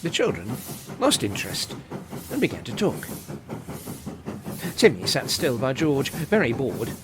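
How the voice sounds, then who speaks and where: A narrator reading a children's storybook aloud in an expressive, animated way. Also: mid-range voice, unhurried. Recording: hissy home recording.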